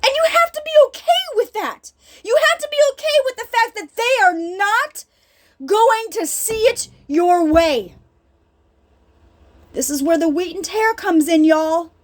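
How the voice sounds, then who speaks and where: A middle-aged woman with a strikingly high voice gives a heartfelt faith talk. She speaks earnestly and with emphasis, addressing her listeners directly as if they were in the room. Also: lively intonation, a little slow. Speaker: healing ministry speaker.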